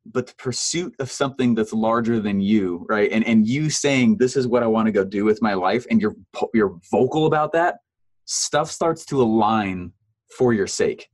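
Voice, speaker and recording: A man in his thirties, a guest telling his story in a casual interview, animated and laughing often, leaping up in pitch for quoted voices. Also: moderate pace.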